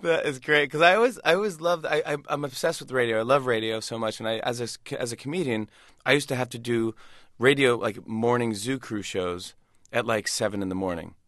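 An animated man tells quick stories as a radio interview guest, tripping over restarts as he goes. His voice sits at an average pitch for a man. The close studio mic gives a dry sound. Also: no room sound. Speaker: comedian and talk show host, guest. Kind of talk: casual storytelling interview.

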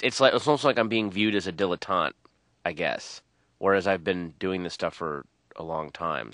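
A man in his thirties, a stand-up comedian, rambling and animated as he tells stories in a radio interview. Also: sits low, no echo. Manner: rambling, animated storytelling with quoted voices.

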